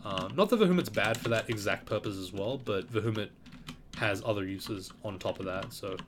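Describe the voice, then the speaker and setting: This man's lowish voice is expressive and moves at a normal speed, with background noise and the sound of keyboard typing and clicks. He offers laid-back, rambling gameplay commentary, filling his thoughts-aloud with fillers.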